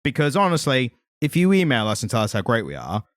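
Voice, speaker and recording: Lively British man co-hosting a podcast. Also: medium pitch, quick pace, dry recording, studio quality. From Britain. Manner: joking, lively. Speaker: podcast co-host. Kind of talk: casual chat.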